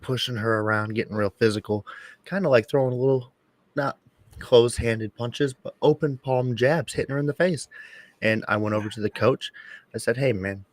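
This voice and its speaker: A father co-hosting a podcast, telling a story in casual chat in a blunt, profane, animated way. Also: medium pitch, normal speed, no echo.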